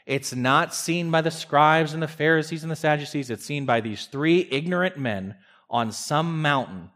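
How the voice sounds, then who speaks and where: A man preaching a sermon in an earnest way, pushing his voice up for emphasis, dropping it low, and sometimes stammering into a restart. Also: normal speed, fairly bright tone. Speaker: pastor.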